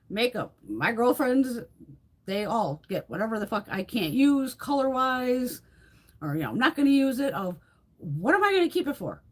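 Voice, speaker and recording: A fairly high-pitched woman speaks at normal speed while hosting a live beauty stream and touring her room. Her chat is casual, blunt and animated, full of swearing and frequent laughter.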